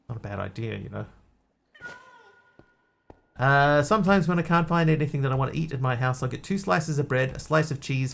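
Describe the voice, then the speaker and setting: Male streamer, slightly higher voice, loose jokey chatter while playing. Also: creaky. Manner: chatty, jokey, reads chat aloud. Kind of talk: casual game stream chat.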